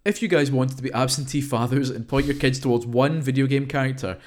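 Fast-talking man. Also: mid-range voice, a little mellow. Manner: quick, sweary banter. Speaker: podcast co-host. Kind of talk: casual chat.

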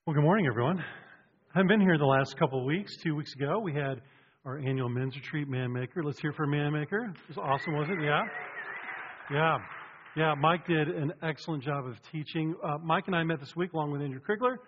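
A man, a pastor, opening his sermon in a chatty, joking way with animated storytelling. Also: on the high side, fairly quick, slight background noise. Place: church sanctuary. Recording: dull sound, long hall reverb.

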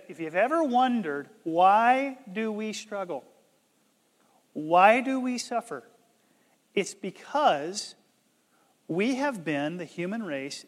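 A man preaching a sermon as pastor, emphatic and surging loud on key words, often stumbling and restarting his words. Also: on the high side, in a large hall.

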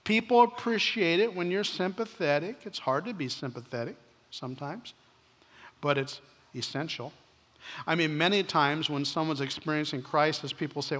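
A man's voice: fairly high pitch, a little hiss or hum. Earnest preaching man in a hall. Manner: earnest preaching, slows down for emphasis, soft asides. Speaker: pastor. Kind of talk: sermon. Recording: reverberant hall.

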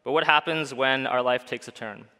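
A man's voice: mid-range voice, steady tone, normal speed, pushed and bright. A man preaching a sermon as pastor, earnest, putting many questions to the listeners. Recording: long hall reverb.

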